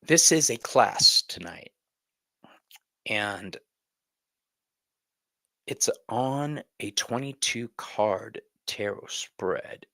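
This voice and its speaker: A man's voice: on the low side, expressive, very slow, creaky, long pauses, sharp tone, poor audio. A middle-aged man who reads tarot, hosting a casual livestream class and rambling chattily while greeting viewers by name.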